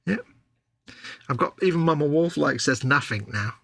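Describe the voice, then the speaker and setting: A man's voice: on the high side, expressive, moderate pace, gravelly, fairly bright tone, no room sound. A man co-hosting a live model-building stream, playful and silly, punning and laughing at himself. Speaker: livestream co-host. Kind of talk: casual banter while model building.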